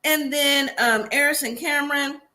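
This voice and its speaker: A woman's voice: sits high, steady tone, moderate pace, pushed and bright. A woman host giving a chatty, casual recap of a TV episode. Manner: chatty, acts out quotes of the cast.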